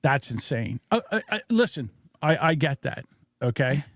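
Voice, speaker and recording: A man's voice: medium pitch, sing-song, moderate pace, fairly bright tone, dry recording, clean studio sound. A man co-hosting a podcast, giving blunt opinions in casual chat and rambling with restarts and fillers. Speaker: podcast co-host.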